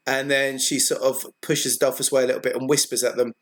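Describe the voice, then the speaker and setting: A man running a tabletop game, halting and laughing. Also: mid-range voice, level tone. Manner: halting, full of ums and laughs. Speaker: game master.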